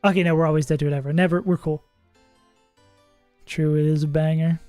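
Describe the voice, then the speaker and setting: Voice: mid-range voice, flat delivery, fairly quick, warm tone, dry recording, soft background music. Chatty streamer thinking aloud, dry sound. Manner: thinks aloud, chatty, laughs often, swears casually. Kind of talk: casual livestream commentary while playing.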